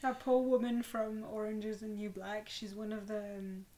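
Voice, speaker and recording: A woman co-hosting a casual podcast, chatty and quick to cut in. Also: medium pitch, level tone, dark tone, low-quality recording. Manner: chatty, interjecting. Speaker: podcast co-host. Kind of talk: casual chat.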